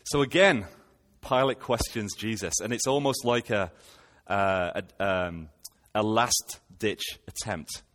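A man's voice: lowish voice, slow, a bit bright, big-room sound. A man preaching a sermon, retelling scripture and posing rhetorical questions to his listeners.

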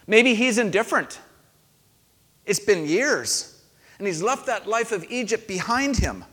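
A man's voice: high-pitched, animated, unhurried, a bit bright. A male pastor giving a sermon in a conversational storytelling manner, asking his listeners questions. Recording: long hall reverb.

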